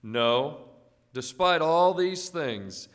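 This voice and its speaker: A man's voice: a little high, extremely slow, clear, resonant tone. Man reading scripture aloud. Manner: steady reading, with affirming interjections. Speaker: scripture reader.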